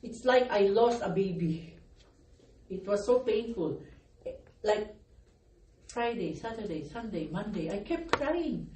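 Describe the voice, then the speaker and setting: A woman's voice: mid-range voice, expressive, slow, pauses often, dark tone. A middle-aged woman pastor preaching a sermon, her voice worn from crying, calling out for amens and laughing between phrases. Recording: echoey room, distant mic, faint noise.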